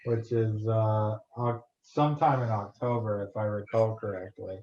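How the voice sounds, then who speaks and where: A man's voice: on the low side, fairly even intonation, moderate pace, darkish tone. A man co-hosting a casual livestream, thinking aloud and hesitating. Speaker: co-host. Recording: roomy, dull lo-fi sound.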